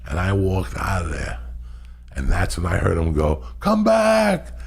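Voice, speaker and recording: A middle-aged man hosting a podcast, telling stories loudly with lots of swearing. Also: sits low, normal speed, creaky, breathy edge. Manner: loud, profane and animated. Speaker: podcast host. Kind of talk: casual storytelling.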